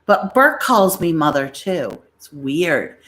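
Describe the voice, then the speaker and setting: A chatty, rambling American woman livestreams while selling bags, telling casual stories and acting out family members' voices. Her low voice is sing-song, slow, and a bit bright.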